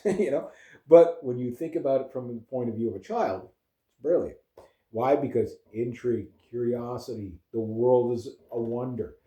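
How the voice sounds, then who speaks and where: Rambling man in an echoey room. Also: a little high. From Canada. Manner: rambling, animated storytelling with laughs. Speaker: vlogger. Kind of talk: casual monologue.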